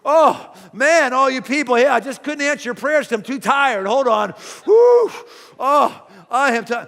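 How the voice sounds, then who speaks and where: A preacher putting on an exhausted, gasping God, huffing and exclaiming in a high voice. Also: male voice, very animated, measured pace, fairly bright tone, full character voice. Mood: panting, comic. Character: winded God gasping for breath, male. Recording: long hall reverb.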